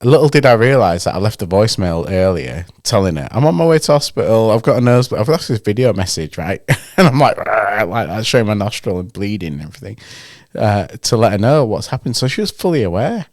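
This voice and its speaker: Male co-host, low voice, very expressive storyteller, close and dry sound. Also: fairly quick, hardly any pauses, no echo. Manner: animated anecdote-telling, acts out the people he quotes. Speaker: podcast co-host. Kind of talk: casual storytelling chat.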